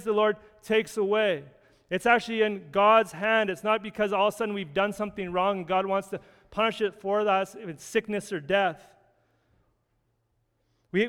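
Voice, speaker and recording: A man's voice: sits high, smooth, long reverb tail. A man preaching a sermon in an earnest, conversational way, often restarting phrases as he reads and explains scripture. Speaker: pastor.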